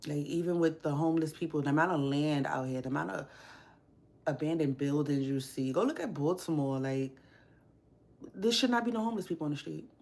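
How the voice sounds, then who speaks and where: A woman's voice: deep voice, fairly quick, vocal fry, darkish tone. A young woman hosting a casual livestream, ranting bluntly with frequent swearing and strong opinions. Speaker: livestream host. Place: home workspace.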